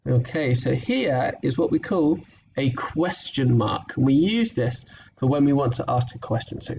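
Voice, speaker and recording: A man leads a phonics lesson for small children at a slow, patient pace, praising and sounding out words. The recording is dull and lo-fi, with a faint hiss behind him. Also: medium pitch, expressive, vocal fry, darkish tone, distant mic. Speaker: teacher.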